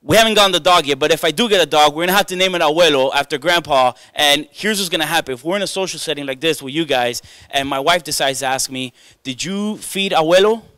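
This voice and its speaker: Male stand-up, self-deprecating crowd work, smooth clear voice, dry close mic. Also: a little high, fast, hardly any pauses, bright, forceful tone, no room sound. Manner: chatty, self-mocking, riffs with the crowd. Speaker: stand-up comedian. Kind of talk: stand-up comedy set. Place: comedy club stage before a live audience.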